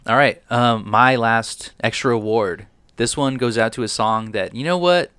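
A man's voice: medium pitch, normal speed, fairly bright tone, clean tone, no room sound. Laid-back laughing male podcast host. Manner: laid-back, laughs often, says "dude" a lot. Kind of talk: casual chat.

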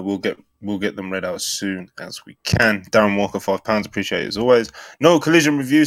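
A laid-back man co-hosts a podcast, speaking dryly with plenty of filler phrases. His voice sits low, and the recording is dry and close. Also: no echo. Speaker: podcast co-host. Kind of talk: casual chat.

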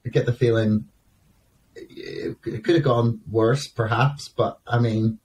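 A man's voice: medium pitch, steady tone, measured pace, darkish tone, distant mic. A man interviewing a guest, asking long, hesitant questions full of restarts. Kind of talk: casual interview.

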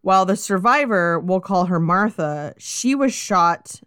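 Woman, lowish voice, dry close sound, true-crime podcast co-host, blunt, exasperated, filler-heavy. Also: expressive, measured pace, a bit bright, clean tone, no echo. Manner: blunt, exasperated, swears, says like and you know a lot.

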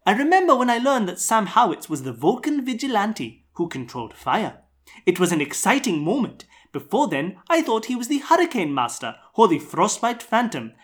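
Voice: mid-range voice, pitched above the performer's own voice, natural voice. A tabletop player reading out a smug, scheming supervillain's journal in a put-on Australian accent. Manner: smug, theatrical, relishing.

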